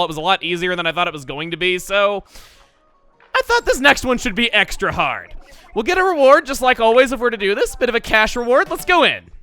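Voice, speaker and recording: A man's voice: very high-pitched, pushed and bright, clean tone. A man hosting a gaming video, chatting playfully and mocking himself as he plays. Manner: playful, self-mocking, chatty while playing. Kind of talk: let's play commentary.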